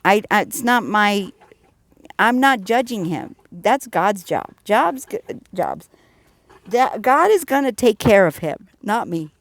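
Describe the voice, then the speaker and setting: A woman sharing a personal faith testimony in an earnest, animated storytelling way, dropping low and soft at serious moments. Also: takes it slowly, no echo. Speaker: Christian vlogger sharing testimony.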